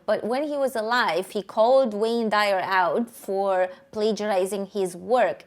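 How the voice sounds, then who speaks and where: A woman hosting a commentary video, talking in an opinionated, critical way and laughing between points. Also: mid-range voice. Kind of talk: commentary voice-over.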